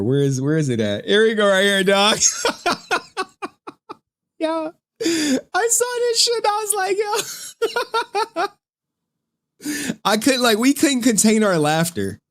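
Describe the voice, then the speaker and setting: A man doing mocking stream commentary with a very lively voice that jumps up and down in pitch. He laughs constantly and swears freely as he taunts someone. The sound is dry, with no room echo. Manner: laughs often, profane, taunting; calls people "dog".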